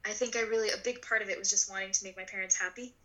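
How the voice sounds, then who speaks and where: A woman in her twenties telling a personal story in an interview, animated and full of "like", acting out the voices of people in her story. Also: mid-range voice, very fast, rough recording. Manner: animated, acts out voices in quotes; filler-heavy, frequent "like". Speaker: guest.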